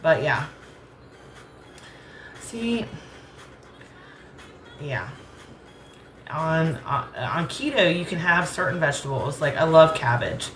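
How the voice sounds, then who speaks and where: An American woman from the rural South hosts a cooking channel, rambling and laughing easily while she cooks in her kitchen at home. Her low, fairly bright voice is expressive and slow, with frequent pauses. The audio is roomy with a slight hiss or hum.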